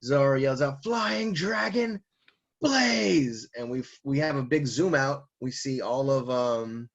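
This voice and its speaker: A man's voice: medium pitch, moderate pace, muffled recording. A man casually recapping a comic chapter, laughing and acting out the characters' lines as he goes. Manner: animated, laughing, acts out lines. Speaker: manga reviewer. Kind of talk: casual comic read-through.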